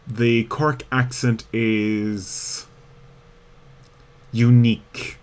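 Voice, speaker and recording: A man's voice: mid-range voice, a bit bright. A man chatting casually and rambling while streaming a video game. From Ireland. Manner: rambling, chatty, frequent laughs. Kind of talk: casual gameplay commentary.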